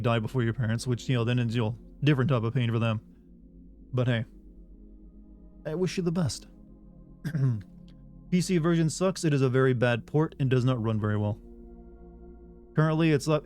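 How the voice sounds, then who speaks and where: Here a game streamer from the US South, speaking with no regional accent, reads chat messages aloud and responds in a loose, rambling way. His voice is medium-pitched with a darkish tone.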